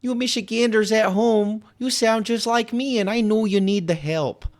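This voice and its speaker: A man's voice: sits high, moderate pace, voice pushed up, lightly acted. A man doing a mocking parody of a folksy woman politician, drawn out with an overdone rural twang.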